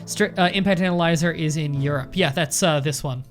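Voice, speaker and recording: A man's voice: fairly high pitch, a little fast. Chatty man narrating his gameplay. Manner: chatty, rambling, thinking aloud. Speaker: let's play host. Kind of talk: casual gameplay commentary.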